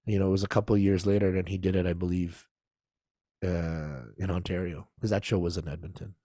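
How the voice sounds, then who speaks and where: A man casually telling a story on a podcast, animated and laughing as he acts out the people in it. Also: sits low, fairly quick, no echo, studio quality. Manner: animated, acts out quoted voices, laughs often. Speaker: podcast guest.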